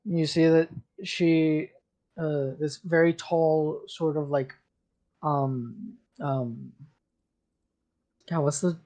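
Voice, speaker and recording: A man's voice: a little high, steady tone, warm tone. A man narrating as game master for a tabletop role-playing game, loose and full of fillers. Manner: slow, loose narration with many fillers and restarts.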